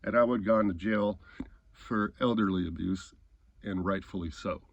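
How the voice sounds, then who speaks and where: A man's voice: deep voice, normal speed, vocal fry, no room sound, lo-fi sound. A man telling an angry story in a heated, profane rant, often stumbling over his words and restarting. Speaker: host.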